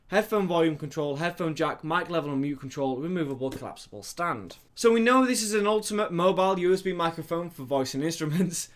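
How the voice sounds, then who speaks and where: A man with a somewhat high voice chats eagerly to the camera as a home tech vlogger. He is recorded close on a desktop USB microphone in his computer room. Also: fairly bright tone. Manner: chatty and enthusiastic, speaks straight to viewers. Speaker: YouTuber reviewing gear. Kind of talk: casual tech review vlog.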